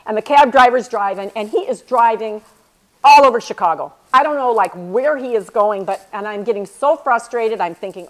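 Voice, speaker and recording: A middle-aged woman giving an inspirational talk at a church women's event, earnest and emphatic, repeating key phrases slowly. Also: fairly high pitch, lively intonation. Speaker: speaker at a women's church retreat.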